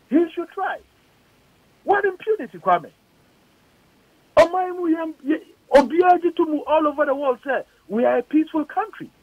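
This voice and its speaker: Over dull, lo-fi radio audio, a male politician with a Ghanaian accent is interviewed as a guest. His very high, slightly bright voice has no room sound as he launches indignant, emphatic rhetorical questions.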